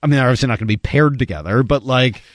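A man from the northeastern United States hosts a sports talk show with a lively, swinging pitch. He banters fast with his co-hosts and reads news stories aloud. The recording is dry and close. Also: no echo. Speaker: show host.

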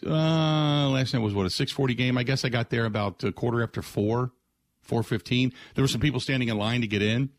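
On his sports radio show, a man casually goes over last night's game in a monologue heavy with "uh" fillers, reeling off stats as he goes. His voice is mid-range and there's no echo.

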